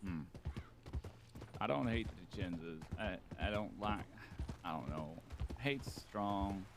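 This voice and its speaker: A man's voice: low-pitched, expressive, slow pace, background noise, full character voice. A man roleplaying a reflective frontier outlaw, talking in a musing, meandering, dry way. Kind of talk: in-character roleplay.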